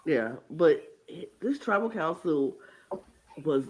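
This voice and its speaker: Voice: medium pitch, slow pace, poor audio. A podcast co-host chatting casually and recapping an episode, acting out quotes with lots of energy. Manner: animated storyteller who acts out quotes.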